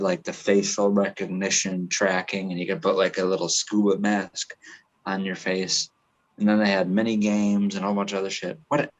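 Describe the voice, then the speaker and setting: Low-voiced man rambling casually. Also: dull audio. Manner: rambling, swears freely, restarts a lot. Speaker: podcast co-host. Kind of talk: casual chat.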